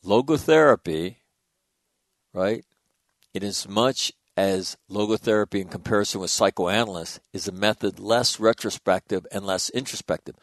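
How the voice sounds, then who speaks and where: A man hosts a talk radio show in a loose, blunt style, swearing freely and restarting his sentences as he pushes a point. His voice sits on the low side. The sound is dry and close. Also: normal speed, no echo. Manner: blunt, profane, emphatic with many restarts. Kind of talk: casual talk radio commentary.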